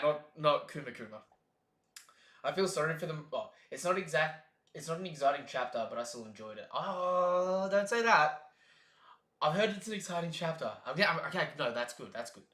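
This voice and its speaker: Brief: animated male streamer, bright tense tone, slightly high pitch, echoey room, jokes and reads lines in put-on voices. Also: a little fast. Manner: animated, joking, reads panels aloud in exaggerated voices. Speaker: streamer reacting to a comic chapter. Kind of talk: live reaction stream, casual chat.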